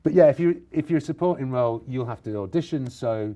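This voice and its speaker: Yorkshire bloke chatting in an interview, warm mellow voice, keeps restarting his sentences. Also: medium pitch, quick pace. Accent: Yorkshire (Bradford). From Bradford, England. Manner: animated, restarts often, self-mocking asides. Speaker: actor, interview guest. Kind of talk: casual interview chat.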